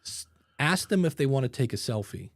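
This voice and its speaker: A man's voice: mid-range voice, brisk, dry recording. A man hosting a podcast, chatting casually and acting out the voices in his stories. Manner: animated storyteller acting out quotes. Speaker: podcast host. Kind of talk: casual conversation.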